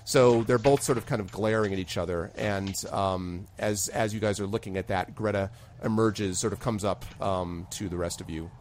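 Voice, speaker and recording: A man's voice: on the low side, moderate pace, hardly any pauses, a little hiss or hum. A man running an online tabletop game as game master. He narrates loosely and uses lots of fillers. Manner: relaxed and hesitant, with many fillers.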